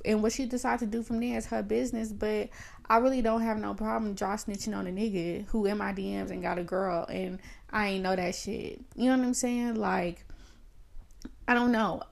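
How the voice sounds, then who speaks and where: A woman's voice: mid-range voice, vocal fry. A woman in her thirties hosting a podcast, ranting in a blunt, profane, emphatic casual style. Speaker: podcast host. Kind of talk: casual solo rant.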